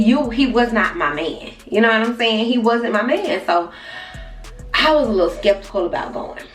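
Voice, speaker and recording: A young woman vlogger telling a casual story, chatty and speaking straight to her viewers with side remarks. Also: fairly high pitch. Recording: distant mic with faint music.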